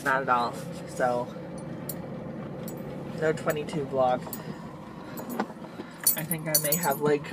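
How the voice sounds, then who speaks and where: A woman's voice: low-pitched, steady tone, takes it slowly, long pauses, heavy background noise. A woman chatting casually in a vlog, talking to her dogs in baby talk at home and then in her car. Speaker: vlogger.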